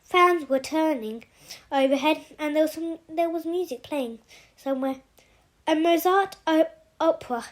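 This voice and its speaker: A woman reading a novel aloud in a halting way, often stopping to restart and correct herself. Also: high voice. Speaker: audiobook reader.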